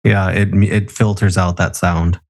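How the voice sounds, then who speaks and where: Over a remote call, a slightly tipsy man co-hosts a casual podcast, laughing a lot and swearing without restraint. He has a low, creaky voice with a level tone and a measured pace.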